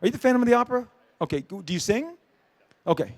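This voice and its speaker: A middle-aged man, a comic book creator, answering audience questions at a convention panel with animated, joking storytelling. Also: very high voice, fast, gravelly. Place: dark convention panel room.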